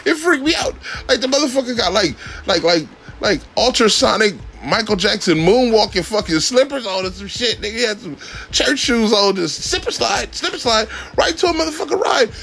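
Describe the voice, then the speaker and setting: A man's voice: a little fast, creaky. Laid-back, profane man telling a story. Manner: profane, laid-back, laughs often, pitch jumps when excited. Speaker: podcast host telling a driving story. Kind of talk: casual storytelling monologue.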